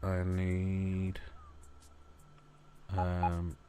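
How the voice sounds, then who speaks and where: A man's voice: deep voice, completely flat delivery, very slow, warm tone, faint music behind. A man giving casual gameplay commentary as a let's play host, chatty and muttering asides to the objects on screen.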